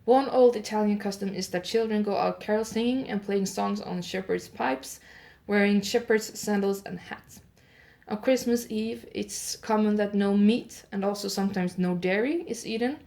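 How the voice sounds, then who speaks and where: A woman's voice: medium pitch, gravelly, warm tone. Chatty woman reading holiday facts aloud. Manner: reads steadily, stops often with "uh" to correct her pronunciation; chatty, laughing asides to listeners. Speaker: host of an audio advent calendar show. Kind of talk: improvised reading of holiday facts with casual asides.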